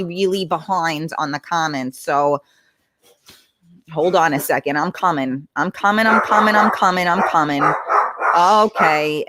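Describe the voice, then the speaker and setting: A woman hosting a casual livestream, reading viewer comments aloud, chatty and blunt, swearing freely and greeting viewers warmly by name. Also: mid-range voice, dry recording. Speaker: host.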